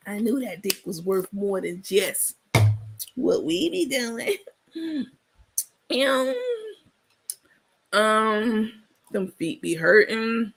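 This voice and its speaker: Gravelly, husky woman on a livestream. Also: medium pitch, lively intonation, very slow, long pauses. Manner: blunt, sassy and profane, laughing often. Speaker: livestream host. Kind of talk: casual livestream commentary.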